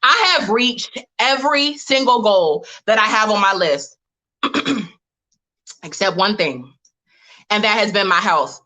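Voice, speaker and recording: A woman speaking to a live online audience, mixing motivational points with personal stories in a direct, lively way. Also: mid-range voice, takes it slowly, long pauses. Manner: lively, direct, talks straight to the audience as "y'all". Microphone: webcam or phone mic on a live stream.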